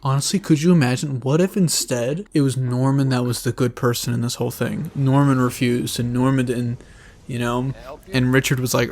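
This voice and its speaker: A young man giving excitable, profane reaction commentary while watching a film. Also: mid-range voice, a little fast. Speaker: movie reviewer.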